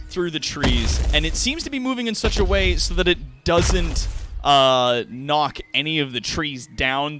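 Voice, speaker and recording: A man acting as game master for a tabletop game narrates at an unhurried pace, full of fillers and frequent laughter. His voice is medium-pitched with a fairly bright tone.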